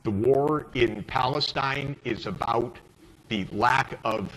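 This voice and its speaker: An older American man speaking emphatically and indignantly on a panel, his voice rising to sharp outbursts. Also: mid-range voice, slow pace, rough recording. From United States. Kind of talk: impassioned panel speech. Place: forum hall.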